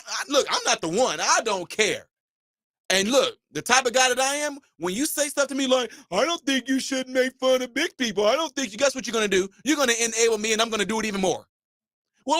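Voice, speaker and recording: A man hosting his own channel, delivering an emphatic commentary rant with shouted punchlines and mocking imitations of his critics. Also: extremely high pitch, dry recording. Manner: mocks imagined critics in a mimicking voice. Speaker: channel host.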